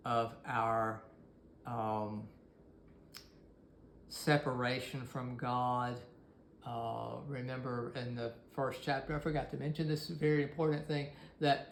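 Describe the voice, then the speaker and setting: A man's voice: mid-range voice, echoey room, a little hiss or hum. A man giving a recorded course lecture, talking in a hesitant way with many fillers and restarts.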